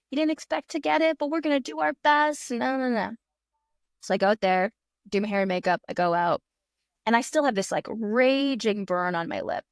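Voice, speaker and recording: A woman in her thirties, a magician guest on a podcast, telling an animated story and acting out her own past thoughts in quick voices. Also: mid-range voice, no room sound, studio quality. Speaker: guest magician and fire eater.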